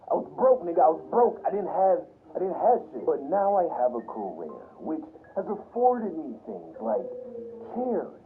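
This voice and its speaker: A young man, a YouTuber, telling a personal story in a casual, animated, profane way. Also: high-pitched. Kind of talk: storytime vlog. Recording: tinny phone-like sound with faint hiss.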